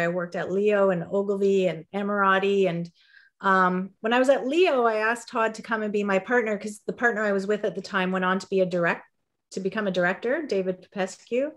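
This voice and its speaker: A woman speaking as an interview guest, lively and quick with laughing asides. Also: mid-range voice. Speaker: guest, copywriter. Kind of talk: casual interview.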